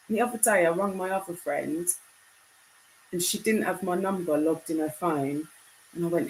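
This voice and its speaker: A young British woman chatting casually on a live stream, reading out viewer comments; her voice is deep enough to be mistaken for a man's. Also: normal speed, slight background noise, low-quality recording. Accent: British English. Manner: chatty, reads comments aloud.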